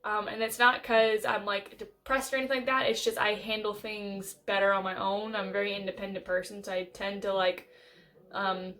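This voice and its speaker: An American woman giving an earnest life update on her vlog, halting and thinking aloud with frequent restarts. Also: medium pitch, level tone, a bit bright. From United States. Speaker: vlogger.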